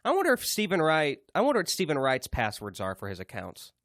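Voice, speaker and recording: A man co-hosts a podcast in a fairly high voice that swoops wildly in pitch, speaking quickly with a slightly bright tone. He chats casually and rambles, restarting often and leaning on fillers. The recording is clean studio sound with no room echo.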